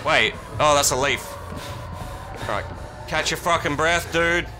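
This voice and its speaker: A man streaming a horror game live, swearing a lot and yelling in panic between muttered asides. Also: a little high, a little slow, music in the background. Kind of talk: live horror gameplay commentary. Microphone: streaming mic.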